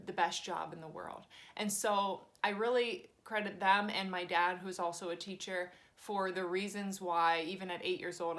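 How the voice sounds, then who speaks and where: A woman in her thirties, a teacher, telling a personal story in a chatty, animated way and acting out the voices of the people in it, at a cozy home. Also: lowish voice.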